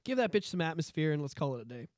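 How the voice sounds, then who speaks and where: A man co-hosting a casual podcast, talking in a loud, profane and animated way, often breaking into shouts. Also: fairly high pitch, racing, no echo, clean studio sound. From Canada. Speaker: podcast co-host.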